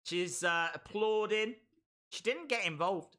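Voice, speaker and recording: A man's voice: a little high, lively intonation, measured pace, pushed and bright. A man hosting a casual live reaction stream of a wrestling show, playfully repeating phrases and reading out viewers' chat.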